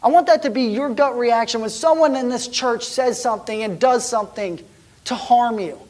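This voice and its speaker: A man preaching a sermon as a pastor, telling a personal story in a conversational way, with frequent restarts, often dropping to hushed, near-whispered tones. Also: very high voice, normal speed.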